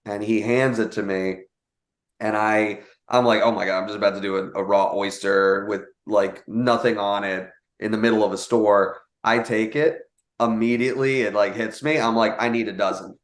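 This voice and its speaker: A young man telling a casual story, animated, with many fillers and quoted voices. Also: on the low side, reverberant. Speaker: guest telling a sales story.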